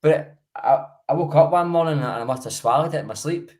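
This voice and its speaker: A man's voice: on the high side, fairly quick, darkish tone. A Scottish man in his late thirties, a podcast co-host telling rambling, self-mocking, sweary stories in casual chat. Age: 30s.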